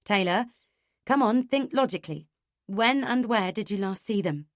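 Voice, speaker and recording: A woman reading an audiobook, voicing a firm, reassuring man who talks in a calm, logical way. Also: mid-range voice, moderate pace, no room sound, studio quality, lightly acted.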